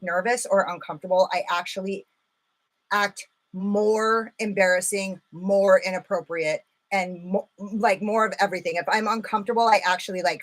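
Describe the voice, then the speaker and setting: Rambling, swearing woman streaming live. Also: mid-range voice. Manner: rambling, swears casually, many "like" fillers. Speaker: makeup livestream host. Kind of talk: casual live-stream chat.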